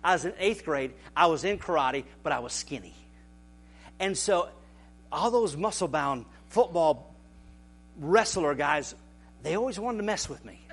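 A man preaching a sermon as pastor, animated and building to shouts. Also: a little high, measured pace, long pauses, breathy edge.

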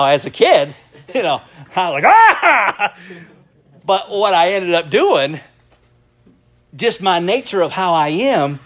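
High-voiced pastor preaching with lively storytelling. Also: male voice. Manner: lively storytelling, laughing often. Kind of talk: sermon.

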